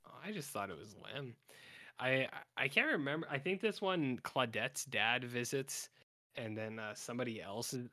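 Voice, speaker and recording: A man's voice: medium pitch, expressive, normal speed, pushed and bright. A man co-hosting a podcast, rambling through an episode recap and acting out the characters' lines. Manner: rambling, self-interrupting, acts out characters' lines. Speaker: podcast co-host. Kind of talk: casual episode recap chat.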